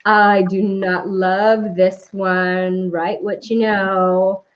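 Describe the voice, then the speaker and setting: A woman with a Southern US accent hosting a casual writing chat, effusive and quick to laugh. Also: mid-range voice, little pitch movement, highs cut off. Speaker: host.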